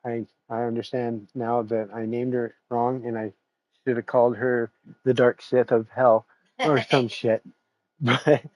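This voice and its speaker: A man's voice: mid-range voice, little pitch movement, unhurried, a little mellow, no echo. A man hosting his stream, chatting casually in a rambling, profane way and laughing often. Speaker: streamer host. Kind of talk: casual chat after a sim race stream.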